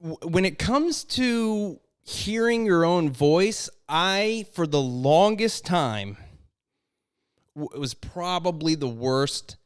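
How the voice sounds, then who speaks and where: A young man co-hosting a podcast in casual chat, rambling and self-deprecating, with high tones he can drop low, talking into a studio mic in his apartment. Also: expressive, slow pace, smooth. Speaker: podcast co-host and editor. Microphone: studio microphone with headphones.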